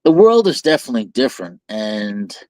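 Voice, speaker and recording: A man's voice: medium pitch, big pitch swings, a little fast, a little mellow, dry recording. A man co-hosting a candid podcast, talking reflectively and building extended metaphors. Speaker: podcast co-host. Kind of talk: candid conversational talk.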